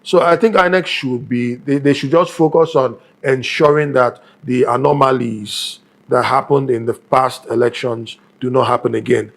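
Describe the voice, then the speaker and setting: Guest pundit, man, gravelly voice, emphatic and repetitive. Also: medium pitch, steady tone, normal speed, few pauses, a bit bright. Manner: emphatic, repeats for stress. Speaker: guest analyst. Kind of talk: morning show news commentary.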